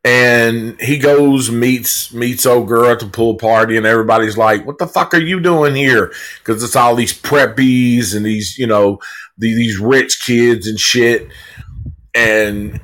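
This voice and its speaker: A man's voice: mid-range voice, fairly bright tone, low-quality recording. A man hosting a live podcast, reviewing a movie in a laid-back, casual way, swearing freely and leaning on fillers. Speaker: podcast host reviewing a film.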